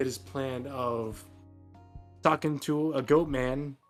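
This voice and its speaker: A man's voice: medium pitch, steady tone, slow, faint music behind. A young man casually recapping a tabletop game as game master, rambling and cursing as he jokes. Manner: rambling, profane, jokey storytelling.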